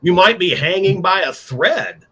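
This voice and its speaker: A man hosting a panel show, animated and building suspense before announcements. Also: high voice, a little slow, slightly rough. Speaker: show host.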